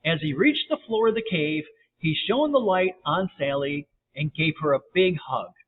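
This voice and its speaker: A man narrating a bedtime story gently, with lively read-aloud voices. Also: a little high, normal speed. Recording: tinny phone-like audio, faint hiss.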